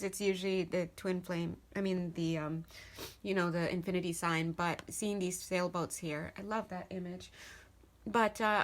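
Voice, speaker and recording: A woman talking through a tarot reading in a loose, chatty way. She rambles into asides and laughs easily, her voice sitting at an ordinary middle pitch for a woman. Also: fairly bright tone. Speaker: tarot reader. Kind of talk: casual spoken tarot reading.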